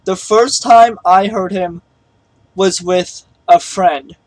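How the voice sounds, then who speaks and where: A man's voice: high voice, steady tone, slow, dry recording, low-quality recording. A man telling a personal story in a casual vlog, rambling with lots of fillers and restarts. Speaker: vlogger.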